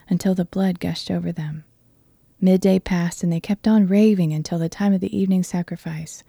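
A woman reading a Bible passage aloud in a measured, earnest voice. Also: lowish voice, gravelly, mellow, no echo, clean studio sound. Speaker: Bible reader.

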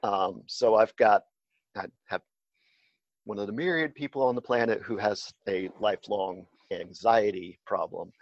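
A man's voice: on the low side, a little slow, dry recording. A man talking casually as an interview guest, hesitant and full of fillers and restarts, heard on a dull, slightly lo-fi recording. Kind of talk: casual conversation.

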